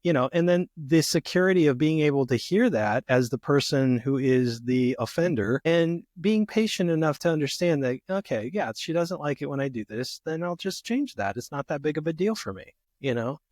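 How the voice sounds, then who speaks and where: A man's voice: on the high side, expressive, normal speed, few pauses, a little mellow, no echo, clean studio sound. A man speaking as a guest therapist in a conversational podcast interview, reflective and full of "you know" fillers.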